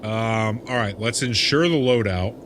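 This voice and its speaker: A man's voice: on the low side, a little slow, a bit bright, faint music behind. A young adult man streaming a game, chatting casually and laughing, often repeating himself. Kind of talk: casual live-stream chat.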